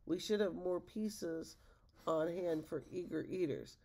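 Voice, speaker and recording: A woman's voice: fairly low pitch, measured pace, darkish tone, husky. A woman reading as an eager young ogre girl.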